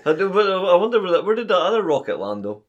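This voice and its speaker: A man's voice: high voice, very animated, fast, lo-fi sound. A young man co-hosting a podcast in a laid-back way, laughing often and dropping crude asides. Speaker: podcast co-host. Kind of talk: casual podcast banter.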